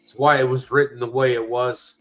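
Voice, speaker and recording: A man's voice: medium pitch, level tone, fairly quick, a bit bright, soft background music, poor audio. A man on a livestream speaking earnestly and repeating himself for emphasis. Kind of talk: livestream speech.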